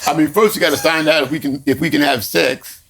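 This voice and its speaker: A man co-hosting a podcast in casual conversation, halting and repeating words, often laughing. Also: fairly high pitch, steady tone, gravelly, fairly bright tone. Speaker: podcast co-host.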